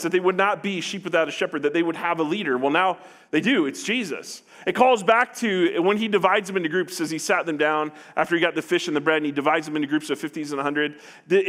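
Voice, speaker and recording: A man's voice: high-pitched, a bit bright. A man preaching a sermon, earnest, often restarting phrases and acting out what people say. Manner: earnest, with repeated restarts and acted-out paraphrases. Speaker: pastor.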